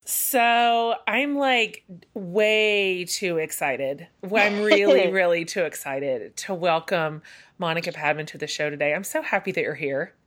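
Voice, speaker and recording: A woman's voice: fairly low pitch, moderate pace, a bit bright. A woman hosts a podcast and talks with her guest in an effusive, enthusiastic manner. She leans on fillers and restarts as she chats. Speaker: podcast host. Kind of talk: casual interview chat.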